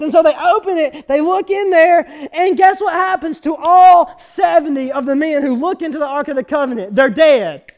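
A man preaching a sermon, retelling a scripture story with animated energy and quizzing his listeners. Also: extremely high pitch, normal speed.

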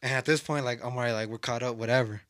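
A man's voice: mid-range voice, fairly even intonation, rapid-fire, fairly bright tone, no room sound, studio quality. A young man casually telling a long, rambling, profane story on a podcast, laughing now and then. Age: young adult.

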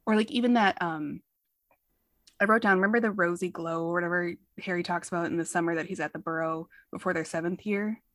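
A woman co-hosting a podcast in casual chat, animated and swearing, often acting out lines in quotes. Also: fairly low pitch, a little fast, no room sound. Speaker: podcast co-host.

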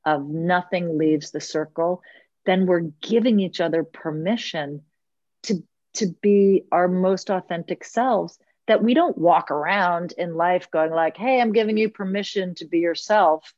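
Earnest low-voiced woman on a dull line. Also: darkish tone, no room sound. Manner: earnest, unhurried, stretches key words. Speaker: guest, leads women's circles. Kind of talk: reflective podcast conversation.

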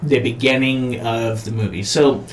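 A man co-hosting a podcast, talking casually about horror movies, swearing a lot and acting out scenes with sudden shouts. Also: mid-range voice, a little slow, a little hiss or hum. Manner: profane, animated storytelling with acted-out shouts. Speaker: podcast co-host.

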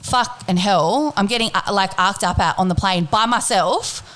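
A woman telling a story in casual chat, animated and swearing freely, acting out what people said. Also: medium pitch, normal speed. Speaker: podcast co-host telling a story.

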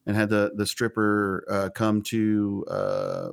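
A man's voice: on the low side, sing-song, slow pace, vocal fry, no echo, studio quality. A man co-hosting a podcast in casual chat, easygoing, agreeing and hesitating with fillers. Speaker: podcast co-host.

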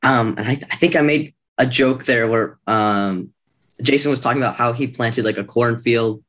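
Young male actor guest, mid-pitched voice, modest and hesitant, lots of ums. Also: normal speed, a bit bright. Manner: modest, hesitant answers with "um" and "you know". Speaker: actor being interviewed. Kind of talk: casual interview answers.

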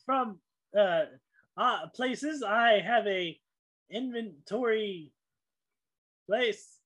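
A man's voice: high voice, extremely slow, a bit bright, no echo, pitched above the performer's own voice, exaggerated voice. A man doing a drawling little gnome shopkeeper. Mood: evasive. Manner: drawling, evasive, hesitant. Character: small quirky male gnome shopkeeper, laid-back stoner.

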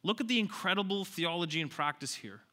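Emphatic, bright-voiced male preacher. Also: sits high, expressive, fast talker. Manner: emphatic, repeats key lines, asks the crowd rhetorical questions. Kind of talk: sermon.

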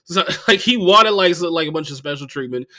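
A man, a comedian, chatting casually on a podcast and telling profane, animated stories that jump into loud outbursts. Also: a little high, brisk.

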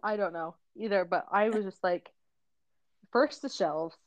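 A woman co-hosting a parenting podcast, telling a lively story in casual chat, acting out quotes and laughing often. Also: mid-range voice, unhurried, no echo. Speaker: podcast co-host, mother.

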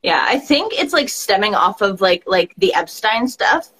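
A woman's voice: mid-range voice, sing-song, normal speed, a bit bright, husky. A woman interviewing in a laid-back, casual way, giving short affirmations and asking questions with hesitant "um"s. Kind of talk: casual conversation.

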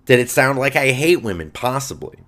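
A brash young male comedian and podcast host rambles through a loose, profane monologue. He swings his pitch up and down a lot as he riffs and boasts for laughs. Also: animated, a little fast, fairly bright tone.

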